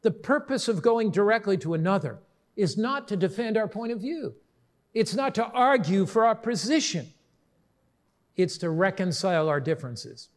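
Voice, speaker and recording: A middle-aged male pastor preaching a sermon, telling stories earnestly and slowing down for emphasis. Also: high-pitched. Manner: earnest storytelling, slows for emphasis.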